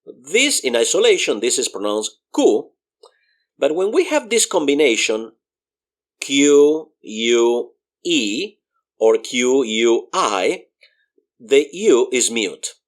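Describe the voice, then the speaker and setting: Very slow, deliberate male language teacher. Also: medium pitch, sing-song. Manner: spells words out letter by letter, slow and deliberate; explains pronunciation patiently with repeated examples. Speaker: Spanish teacher. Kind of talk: beginner language lesson.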